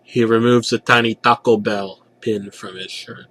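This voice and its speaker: A man's voice: fairly low pitch, steady tone, a little slow, hardly any pauses, a bit bright. Sarcastic male comedic horror narrator. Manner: sarcastic, profane storytelling.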